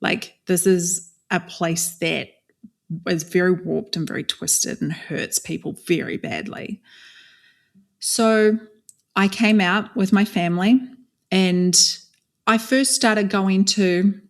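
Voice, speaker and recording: A woman's voice: on the low side, takes it slowly. A young adult woman from New Zealand, a podcast guest telling her story in a candid, conversational way with many fillers and restarts.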